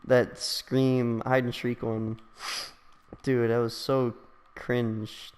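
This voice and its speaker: A man's voice: mid-range voice, flat delivery, moderate pace, big-room sound. A young man hosting a gaming session, teasing a friend with crude jokes and frequent laughter. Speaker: gaming channel host. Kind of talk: casual gaming banter.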